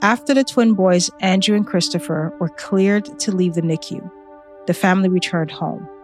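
Low-voiced woman hosting an interview. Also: moderate pace, faint music behind. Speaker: interview host. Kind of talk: interview with scripted narration.

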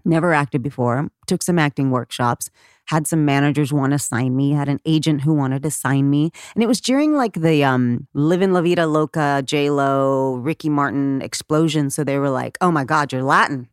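Guest, middle-aged woman from Texas, low voice, dry close mic, lively storyteller who laughs easily. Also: normal speed, smooth, dry recording. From Texas, United States. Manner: animated, laughs often, acts out quoted voices. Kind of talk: conversational interview storytelling.

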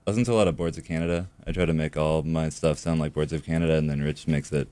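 A man in a band, talking about his music in a relaxed, self-deprecating way. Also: rumbling low, fast, clear, resonant tone, no room sound. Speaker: band member. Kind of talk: casual interview.

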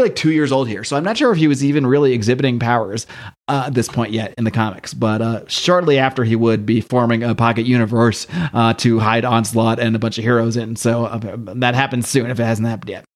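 Male podcast host, fast, chatty comic recap, rambling delivery with loose character voices. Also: mid-range voice. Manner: quick, rambling, laughs while retelling, voices characters loosely. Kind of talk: casual comic book recap.

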